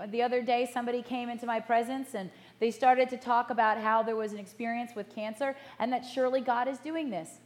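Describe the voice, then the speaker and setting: A middle-aged woman pastor giving a sermon in an earnest, measured way, slowing down to stress key words. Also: on the high side. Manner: earnest, measured, slows for emphasis.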